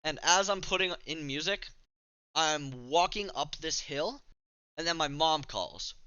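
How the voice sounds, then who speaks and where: A man's voice: on the high side, lively intonation, measured pace, sharp tone, clear, resonant tone, no room sound, lo-fi sound. A young man from Canada casually telling a rambling, profane, self-mocking story to the camera. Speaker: vlogger.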